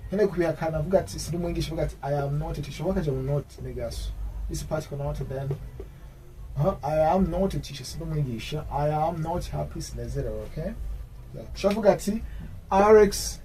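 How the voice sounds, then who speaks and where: A man teaching an English grammar lesson, explaining in his own language and repeating English example sentences slowly. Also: fairly high pitch, warm tone, distant mic, slight background noise, poor audio.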